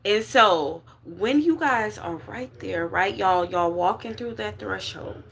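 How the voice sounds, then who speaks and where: This spiritual reader speaks slowly in a medium pitch, her voice gravelly and a bit bright with a breathy edge. Delivering a casual reading to viewers, she talks in a slangy, emphatic way and keeps asking "okay?" and "you get what I'm saying?"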